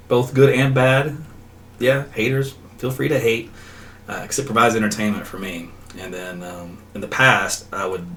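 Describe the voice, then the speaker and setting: A man's voice: lowish voice, a bit bright. A middle-aged man, a meteorologist hosting a casual livestream, who rambles off on tangents and laughs often. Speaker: meteorologist host. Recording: slightly distant mic with faint background noise.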